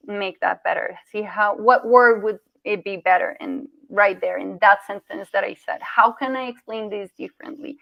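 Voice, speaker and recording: A woman's voice: medium pitch, gravelly, dry recording. Woman, communication coach, encouraging, dull lo-fi sound. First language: Spanish. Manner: encouraging, asks "right?" often, with restarts. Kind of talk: online workshop presentation.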